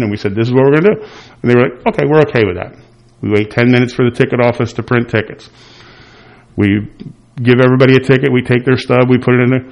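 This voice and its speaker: A man casually telling a long anecdote, acting out the quoted lines of others and trailing off softly at times. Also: mid-range voice, rough recording. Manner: animated storytelling with quoted voices, trailing off softly. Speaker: storyteller recalling a work event.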